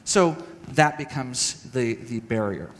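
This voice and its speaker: A man giving an earnest, halting talk to a church audience, telling a personal story and acting out conversations. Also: mid-range voice, lively intonation, in a large hall. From United States. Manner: earnest, halting with restarts, acts out dialogue. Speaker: speaker at a church training session. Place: church hall.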